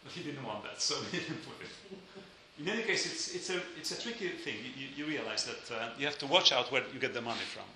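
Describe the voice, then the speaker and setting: A man's voice: medium pitch, animated, quick pace, hardly any pauses, bright, forceful tone, reverberant, slight background noise, low-quality recording. A man giving a lecture, hesitant with many fillers and dry joking asides.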